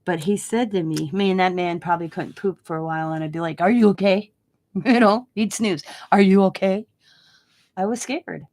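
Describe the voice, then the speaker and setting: A middle-aged woman and crafting vlogger talking in a casual, rambling, heartfelt way with many restarts. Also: mid-range voice. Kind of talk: casual chat.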